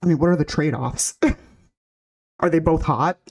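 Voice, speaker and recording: A woman with a naturally deep voice, chatting casually on a live stream, rambling with lots of fillers and frequent laughs. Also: moderate pace, a little mellow. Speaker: VTuber streamer.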